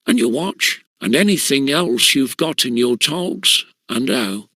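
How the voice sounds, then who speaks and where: A man voicing a rough male footpad with a husky voice and coarse slang, groaning when struck. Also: medium pitch, animated, unhurried, pushed and bright, no echo, heavily acted. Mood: menacing.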